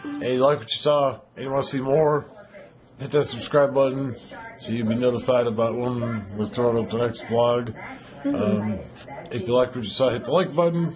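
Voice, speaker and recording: A man's voice: mid-range voice, steady tone, normal speed, music in the background. A man from Chicago chatting and joking with his partner in a casual home vlog, laughing often. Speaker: vlogger. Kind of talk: casual couple vlog chat.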